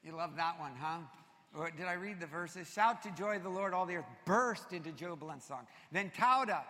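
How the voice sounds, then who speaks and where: A man preaches a sermon in a high, bright, ringing voice. He swings from energetic shouts down to quiet, hushed passages. The sound carries a long reverb from a large church hall. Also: moderate pace. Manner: energetic, shouting at peaks, drops soft and low for confession. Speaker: pastor.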